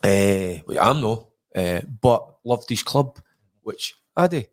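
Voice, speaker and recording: A middle-aged Scottish man in casual conversation, his voice sitting fairly low. He tells stories with lots of restarts and acts out the voices of the people he quotes. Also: lively intonation, slow pace. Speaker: former footballer, guest. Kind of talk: casual anecdotal chat.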